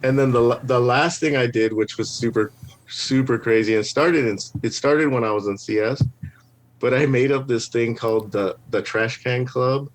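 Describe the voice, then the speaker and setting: A man chatting as a podcast guest, recounting stories in a loose, animated way. He leans on "like" and restarts his sentences often as his thoughts run ahead. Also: mid-range voice, normal speed. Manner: rambling, animated, heavy use of "like". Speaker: podcast guest, scare actor. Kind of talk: casual storytelling.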